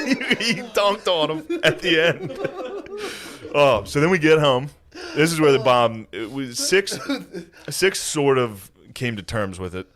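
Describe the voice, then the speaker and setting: A man's voice: fairly high pitch, unhurried, crowd noise. A man hosting a podcast, telling a story in casual chat, acting out quotes and laughing often. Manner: animated, acts out quotes, laughs a lot. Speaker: podcast host.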